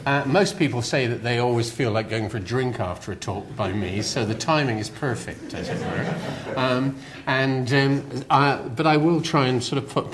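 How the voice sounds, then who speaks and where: Faint noise sits behind this older guest lecturer, who hails from the West Country of England and speaks with its accent at a medium pitch. Delivering a public lecture in a lecture hall, he's relaxed, chatty and self-deprecating, full of fillers and restarts.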